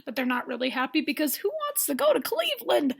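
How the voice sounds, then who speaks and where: A young woman giving a comedic TV recap, animated and jumping into shouted and whispered impressions. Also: high voice, quick pace, vocal fry, heavy background noise. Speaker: recap vlogger. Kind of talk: comedic TV recap with character voices.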